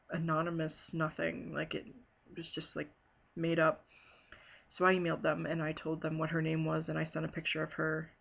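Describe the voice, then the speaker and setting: A woman from Ohio telling a personal story in a halting, hesitant way, full of fillers and pauses. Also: sits low, gravelly, lo-fi sound. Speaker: bereaved sister telling her story. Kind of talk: personal testimony.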